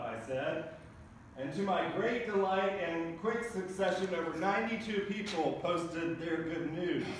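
A man preaching a sermon as pastor, telling funny everyday stories in a lively way. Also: fairly high pitch, slight background noise. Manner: humorous storytelling preacher. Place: large church sanctuary. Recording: echoey church recorded from a distance.

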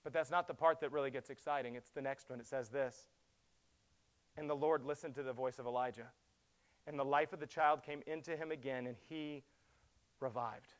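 A middle-aged man, a pastor, preaching a sermon that swings from loud urgent pleading to hushed, quiet passages. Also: medium pitch, fairly even intonation, normal speed.

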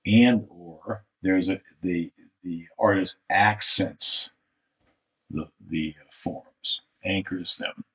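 Low-voiced man teaching drawing. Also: extremely slow, bright, forceful tone. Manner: thinking aloud, restarts, talks over drawing on screen. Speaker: art instructor. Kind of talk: live art critique lesson.

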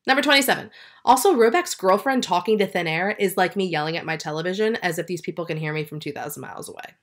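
A young woman vlogging a sarcastic, excitable reaction countdown of a football show, swearing freely. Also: on the low side, fast. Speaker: sports vlogger. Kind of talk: reaction commentary with numbered countdown.

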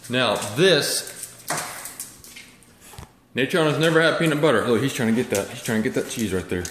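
A man chatting casually to his dog while feeding it, jumping into high baby-talk. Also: animated, normal speed, pauses often, fairly bright tone, reverberant, a little hiss or hum. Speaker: dog owner vlogger.

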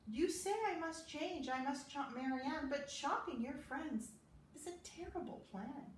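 A woman voicing a gentle poetic lion. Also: high voice, a little slow, echoey room, recorded from a distance, a little hiss or hum, pitched above the performer's own voice, low-quality recording. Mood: earnest. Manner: soft, earnest, thoughtful.

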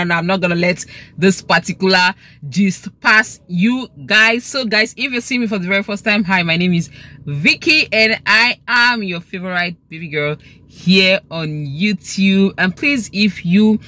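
A young woman with a Nigerian accent records a chatty gossip vlog inside her car. Her bright, clear voice slips easily into Pidgin as she talks. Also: mid-range voice. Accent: Nigerian English. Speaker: gossip vlogger.

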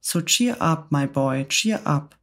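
A woman's voice: deep voice, lively intonation, full character voice. A woman whispering as a bossy centipede. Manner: brisk, demanding. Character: bossy male centipede creature. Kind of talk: whispered role-play.

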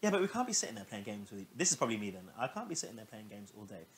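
A man co-hosting a podcast, chatting in a relaxed way and laughing often. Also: lowish voice, very fast. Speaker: podcast co-host. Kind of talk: casual chat.

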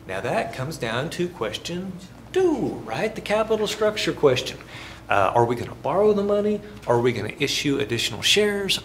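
A man's voice: medium pitch, a little hiss or hum. Man lecturing in an echoey classroom. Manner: asks the class questions and jokes between points. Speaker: university instructor.

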